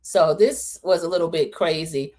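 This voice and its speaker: A woman's voice: deep voice, normal speed. A woman hosting a casual, opinionated reality TV recap, talking in a chatty way and acting out what the cast said. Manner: chatty, opinionated, animated quoting of cast members. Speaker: host.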